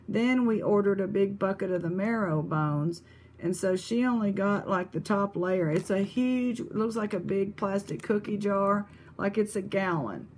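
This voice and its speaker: Woman vlog host, unhurried, chatty, exclaims over finds, faint hum behind. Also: medium pitch, a little mellow. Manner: chatty, exclamatory, thinking aloud. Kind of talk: casual vlog chat showing thrift finds.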